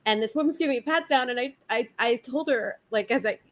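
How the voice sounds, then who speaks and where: A woman's voice: a little high, fast. A woman co-hosting a podcast, talking animatedly with a lot of "like" and restarts. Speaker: podcast co-host. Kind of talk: casual podcast chat.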